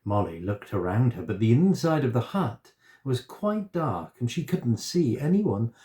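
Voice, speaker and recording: A man reading a children's story aloud in a gentle, expressive way. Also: medium pitch, a little slow.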